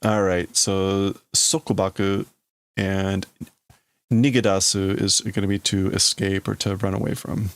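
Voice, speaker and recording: A man talking slowly and casually on a livestream, pausing to puzzle out and explain words as he goes. His voice has a gravelly fry, and the sound is dry and close with no room around it. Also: low voice, little pitch movement, dry recording. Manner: slow, halting, stops to explain words and reads lines in a raised voice. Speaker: livestream host. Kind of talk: casual live translation of a manga.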